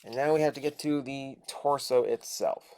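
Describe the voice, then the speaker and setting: A man's voice: mid-range voice, steady tone, normal speed, darkish tone, slight background noise. A man casually reviewing a toy, chatting and thinking aloud as he transforms it step by step.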